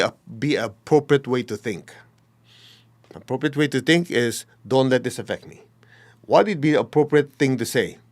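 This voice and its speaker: Male spiritual teacher, mid-pitched, blunt, emphatic delivery. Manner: blunt, emphatic, acts out quoted people. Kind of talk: dharma talk.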